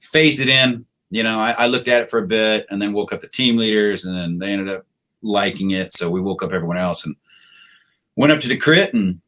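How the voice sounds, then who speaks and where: A middle-aged American man tells stories as a podcast guest, unhurried and anecdotal. His voice sits fairly low. He acts out the people he quotes. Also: fairly bright tone. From United States. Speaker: podcast guest, retired special operations soldier. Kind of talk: casual storytelling interview.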